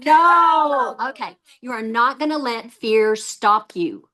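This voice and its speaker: Speaking at a measured pace in a voice on the high side, a woman training a sales team delivers a motivational talk to the group. She tells lively stories and laughs a lot.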